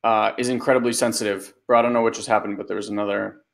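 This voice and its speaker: A man's voice: lowish voice, flat delivery, racing, gravelly. A man hosting a webinar, talking loosely as a life coach and answering a listener's question, with lots of "like" and "you know". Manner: loose, conversational, many fillers like "like" and "you know".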